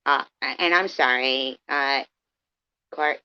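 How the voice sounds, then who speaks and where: A woman in her fifties with a very low voice talks straight at her chat in a sarcastic, combative rant. The sound is dull and lo-fi, like home stream audio. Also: lively intonation, measured pace. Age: 50s. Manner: sarcastic, combative, addresses viewers by name. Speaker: live streamer. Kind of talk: confrontational livestream rant.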